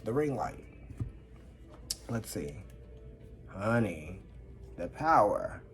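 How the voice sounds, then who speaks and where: A man gives a loose, conversational tarot reading indoors, talking straight to his viewers. He sounds expressive and familiar, keeps asking whether they follow him and calls them honey. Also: fairly low pitch, very slow, faint music behind. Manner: chatty and expressive, often checking in with listeners and calling them honey. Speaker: tarot reader. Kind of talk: casual tarot reading to camera. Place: indoors under a ring light.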